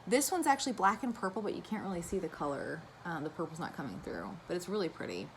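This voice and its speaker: Casual woman vlogger, a little low-pitched, chatty and enthusiastic, light room hum behind. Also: big pitch swings, quick pace, rough recording. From United States. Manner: chatty and gushing, with asides. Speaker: cross-stitch vlogger. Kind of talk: casual chat to camera.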